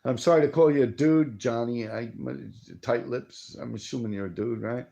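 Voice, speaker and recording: Profane New man with a gravelly voice. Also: mid-range voice, fairly even intonation, moderate pace, dark tone. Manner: profane, streetwise, answers viewer chat. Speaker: live stream host. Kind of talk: casual rambling storytelling.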